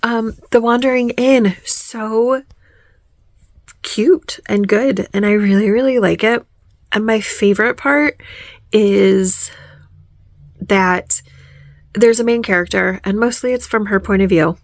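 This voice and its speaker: A woman who teaches, talking casually to her camera at home in a chatty, excitable way, trailing off and restarting her sentences and sometimes dropping to a whisper. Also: mid-range voice, slow, long pauses, no echo. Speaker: teacher and vlog host. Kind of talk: casual diary vlog. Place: home room.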